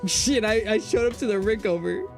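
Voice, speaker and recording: Male gaming streamer, slightly high voice, rowdy, swearing storyteller, faint game music underneath. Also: normal speed, vocal fry. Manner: animated, profane, swings between loud outbursts and low mutters.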